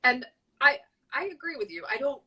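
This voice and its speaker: A middle-aged woman, a guest in a casual live-stream chat, speaking in a reflective, halting way and often correcting herself. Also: high-pitched, lively intonation, sharp tone, slightly rough. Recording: distant mic.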